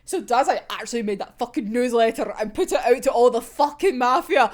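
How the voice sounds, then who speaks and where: A woman's voice: fairly high pitch, fairly quick, hardly any pauses. A young woman in casual, sweary reaction chat, giggling often as she talks. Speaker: manga reaction vlogger.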